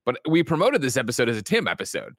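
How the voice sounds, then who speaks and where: A man hosting a casual video game news show, joking and talking in a quick, energetic way. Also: medium pitch, dry recording, clean studio sound. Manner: energetic, joking, rapid-fire host delivery. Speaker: host.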